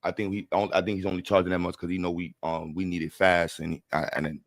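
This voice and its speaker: Energetic New livestream host. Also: male voice, deep voice, fast talker, dry recording. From New York. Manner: energetic, repeats words, slangy, shouts out chat. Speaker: livestream host raising funds for a school. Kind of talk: casual livestream chat.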